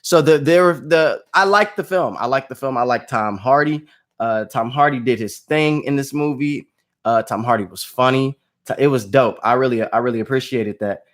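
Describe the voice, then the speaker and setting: A man talking casually to his vlog audience, reviewing a movie with animated outbursts and low asides. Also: moderate pace. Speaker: movie vlogger.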